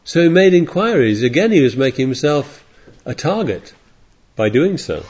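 A man's voice: on the high side, very animated, normal speed, a little mellow, breathy edge. A man preaching a sermon in a rambling, digressive way, reading scripture aloud as he goes. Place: congregation in California. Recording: dull lo-fi sermon recording.

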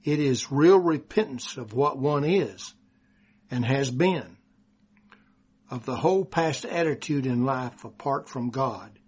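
Slow, husky Texan preacher. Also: male voice, mid-range voice, animated, darkish tone. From Texas. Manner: slow, deliberate reading of scripture. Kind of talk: sermon.

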